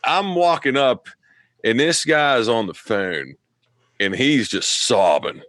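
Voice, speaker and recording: A man in his thirties hosting a podcast, telling a delivery story with lots of swearing and animated retellings. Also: mid-range voice, slow pace, no room sound. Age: 30s. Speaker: podcast host, delivery driver. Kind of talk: casual chat.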